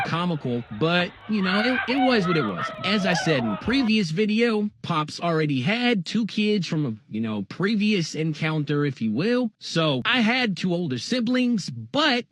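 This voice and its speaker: A man's voice: a little high, a bit bright, no echo, studio quality. A man telling a funny childhood story in a casual, slangy way, with profanity and joking asides.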